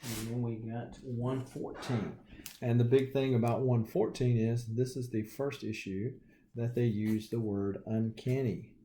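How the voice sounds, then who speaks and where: Southern guy flipping thru his comics, low mellow voice, folksy jokes. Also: slight background noise. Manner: folksy, joking asides. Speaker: comic collector vlogger. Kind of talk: casual show-and-tell.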